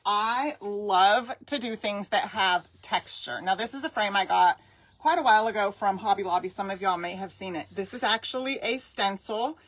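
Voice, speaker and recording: Middle-aged woman, craft instructor on a live stream, chatty and upbeat, mid-pitched voice, talks straight to her viewers. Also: normal speed, a bit bright, no echo. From Southern California. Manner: chatty, enthusiastic, addresses viewers directly.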